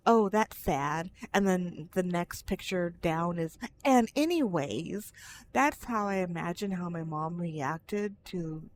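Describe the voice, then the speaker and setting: A woman's voice: fairly low pitch, a little hiss or hum. A woman talking frankly in a personal vlog, rambling with restarts and tangents. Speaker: vlogger.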